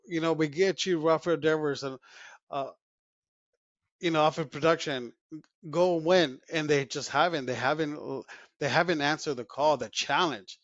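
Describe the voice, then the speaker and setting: A man's voice: fairly high pitch, no room sound. A man talks through sports news in a loose, rambling way, full of fillers and restarts. The sound is dull and lo-fi, with a dry, close feel. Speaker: podcast co-host. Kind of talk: casual sports chat.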